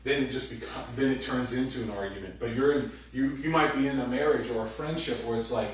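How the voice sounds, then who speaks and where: A man's voice: mid-range voice, fast talker. Man preaching in a very echoey hall. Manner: animated, acts out quoted voices loudly. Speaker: pastor. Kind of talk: sermon. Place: church hall. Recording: very echoey room, distant mic, faint noise.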